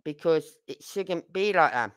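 A woman's voice: on the low side, expressive, a little slow, clear, resonant tone. A middle-aged woman with a Birmingham accent, chatting casually and rambling to a live audience. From Birmingham, England. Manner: chatty, rambling, with fillers and asides. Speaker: livestream host.

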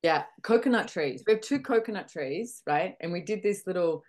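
A woman's voice: fairly low pitch, expressive, normal speed, a little mellow. A middle-aged woman with an Australian accent talks candidly in a casual conversation and acts out her own reactions as she goes. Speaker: podcast host. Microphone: video call.

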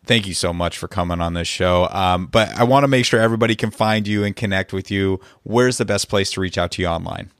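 Enthusiastic podcast host with a low voice. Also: male voice, fast, hardly any pauses, clear, resonant tone, no echo, studio quality. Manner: enthusiastic, encouraging. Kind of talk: interview and scripted outro.

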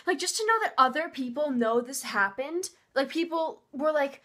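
Gushing young woman with a bright, high voice. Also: lively intonation, moderate pace, dry recording. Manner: gushing and breathless, lots of "like". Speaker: beauty vlogger. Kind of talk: excited vlog storytelling.

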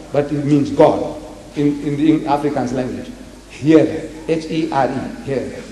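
An older man giving an animated public debate lecture, quoting scripture and acting out dialogue. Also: mid-range voice. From South Africa. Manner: emphatic, animated, quotes scripture and acts out dialogue. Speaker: lecturer on religion. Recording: echoey hall, long reverb.

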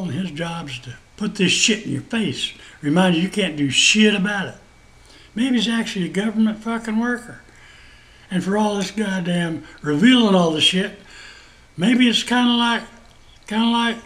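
A man's voice: high-pitched, a bit bright, poor audio. A man hosting a show, delivering a rambling, profane monologue rant with emphatic repetition. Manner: profane, emphatic, laughs at his own points. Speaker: host.

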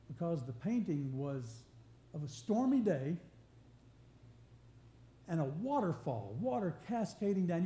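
A man's voice: sits high, warm tone. A man preaching a sermon, earnest and conversational, often restarting and building emphasis. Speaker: pastor. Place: church sanctuary. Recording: roomy church live stream with faint hum.

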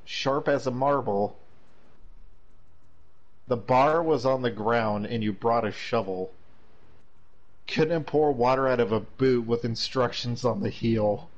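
A man trading slow one-liners in a relaxed chat, on a dull lo-fi line. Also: mid-range voice. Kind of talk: casual chat, joke telling.

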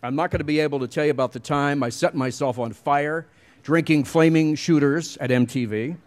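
A man's voice: a little high, a little fast. A middle-aged man giving a commencement speech, telling wry, self-deprecating stories at a podium mic. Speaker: commencement speaker.

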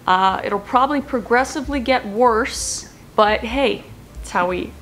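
A woman's voice: on the high side, unhurried, a bit bright, slight background noise. A woman introducing her impressions video in a casual, self-deprecating, slightly rambling way.

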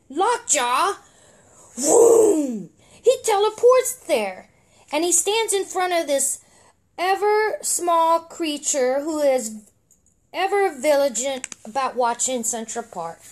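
Middle-aged mom reading a comic aloud, high voice, unhurried, unpolished and wry. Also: female voice, a little mellow. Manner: chatty, unpolished read-aloud, wry asides. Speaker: podcast co-host reading a story.

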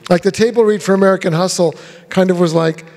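Gravelly man telling stories on a stage. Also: sits high, fast talker. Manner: animated storyteller who acts out quoted voices. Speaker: film director. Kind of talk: rambling anecdotal Q&A talk. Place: live Q&A on a theater stage. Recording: long hall reverb.

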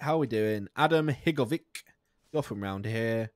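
A man streaming a game live, joking and swearing as he goes. His voice sits at an ordinary middle pitch but jumps into high squeaks of disbelief, and he laughs often as he talks to his viewers. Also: expressive, normal speed, no echo. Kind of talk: live gameplay commentary.

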